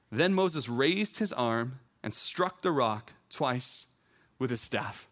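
A teaching pastor, a man, delivers a sermon in a voice of ordinary pitch. He talks to the congregation in a casual, earnest way and comes back to his key lines again and again for emphasis. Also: animated, unhurried, a bit bright. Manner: conversational, earnest, repeats phrases for emphasis.

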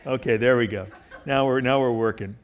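Middle-aged male pastor, middle-pitched voice, chatty sermon delivery full of asides and restarts. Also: steady tone, fairly quick, highs cut off. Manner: conversational preaching with jokes and stories, many restarts. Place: church.

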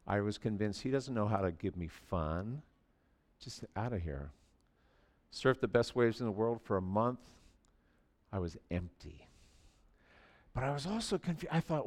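A man in his sixties preaching a sermon in a church, telling stories animatedly and swinging from quiet asides to near shouting. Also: lowish voice, very animated, unhurried, long pauses. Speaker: pastor.

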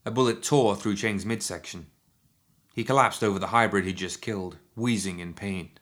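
A man narrating a written action story in a steady, measured storytelling manner. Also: lowish voice. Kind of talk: scripted audiobook narration.

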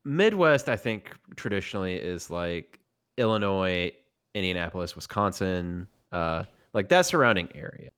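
A man's voice: sits low, very animated, normal speed, fairly bright tone, clean tone. A man with a Tennessee Southern accent, a podcast guest chatting casually in a loose, emphatic way with the odd swear. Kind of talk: casual chat.

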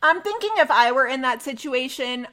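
A young woman co-hosting a podcast in casual chat, slightly high in pitch. She talks in a gushing, excited way and rambles through the news. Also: moderate pace. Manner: chatty, enthusiastic, gushing. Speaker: podcast co-host.

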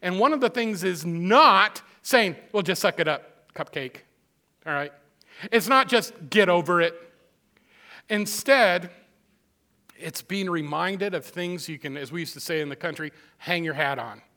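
A man's voice: high-pitched, lively intonation, measured pace, pushed and bright. A man preaching a sermon as pastor, emphatic and repetitive, with casual asides to his congregation. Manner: emphatic, repeats phrases for stress.

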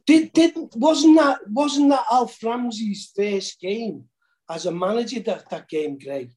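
A man's voice: extremely high pitch, slow, a little mellow. A man hosting a podcast interview, hesitant and often restarting his sentences. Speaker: podcast host. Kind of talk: casual chat.

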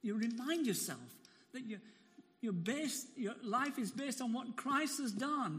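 Man, preacher, sermon, very high voice, bright, emphatic, laughs often, long hall reverb. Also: sing-song, measured pace. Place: church.

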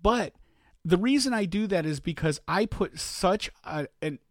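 A man's voice: high voice, unhurried, no room sound, studio quality. A man co-hosting a casual podcast chat. He tells stories with swearing and acts out what other people said. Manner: animated, profane storyteller who acts out other people's lines. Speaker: podcast co-host.

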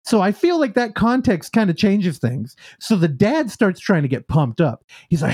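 A man's voice: sits high, very animated, normal speed, a little mellow. A man co-hosting a podcast, recapping a show in a casual, profane way and acting out the characters' lines. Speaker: podcast co-host.

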